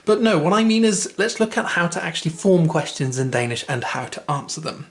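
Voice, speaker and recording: Casual language tutor, mid-pitched, chatty, self-correcting, slows for examples. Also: expressive. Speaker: language teacher. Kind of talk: casual spoken lesson.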